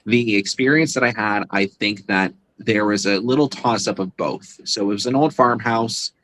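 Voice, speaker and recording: A man's voice: on the low side, moderate pace, fairly bright tone, rough recording. A man being interviewed as a guest, talking casually and rambling with fillers and restarts. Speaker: guest, psychic medium and convention organizer.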